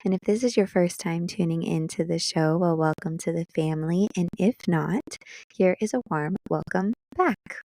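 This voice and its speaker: A young adult woman hosting her own podcast, talking alone in a casual way, excited and emotional, laughing and holding back tears. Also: lowish voice, normal speed, dry recording. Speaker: podcast host. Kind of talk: casual solo podcast monologue.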